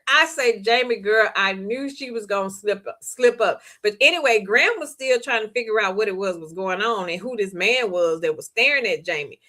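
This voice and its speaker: A woman hosts a casual book discussion, recapping the plot and reading out viewer comments. Her voice sits fairly high and sounds bright and forceful. She talks in a chatty, animated way and laughs often. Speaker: book club host.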